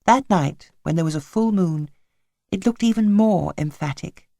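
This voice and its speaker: A woman narrating a children's novel in an expressive, wry manner. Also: on the low side, measured pace, creaky, no echo, studio quality. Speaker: audiobook narrator. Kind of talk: scripted narration.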